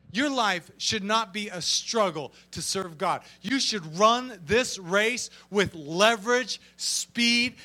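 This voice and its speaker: A man preaching an energetic sermon as pastor, joking and acting out little voices as he goes. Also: high-pitched. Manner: animated and joking, acts out voices.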